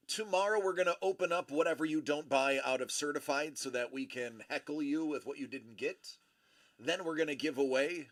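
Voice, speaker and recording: A man's voice: fairly high pitch, fairly bright tone. A man in his forties hosting a live card-opening stream, casual and playful with teasing jokes. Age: 40s. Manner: playful, teasing, jokey sign-offs.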